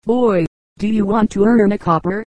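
A woman reading the lines of a friendly adult man, a cyclist who questions a runaway boy in a brisk, kindly way. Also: mid-range voice, a little mellow, no echo, lightly acted.

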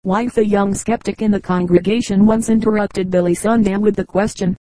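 A woman narrates old humorous anecdotes in a measured, even way. Her voice is mellow and warm, and the recording is close and dry, with no room sound behind her. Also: mid-range voice, no room sound, low-quality recording. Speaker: audiobook reader.

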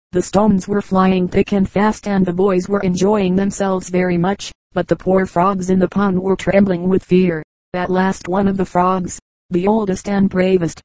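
A woman reading fables aloud as an audiobook narrator, in a calm, measured way. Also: mid-range voice, no echo, poor audio. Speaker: audiobook reader. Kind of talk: storybook narration.

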